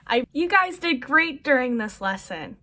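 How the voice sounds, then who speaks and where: A woman teaching a children's lesson, slowly modeling words and praising the listener. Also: sits high, very animated, bright, forceful tone. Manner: slow, encouraging, modeling words for kids.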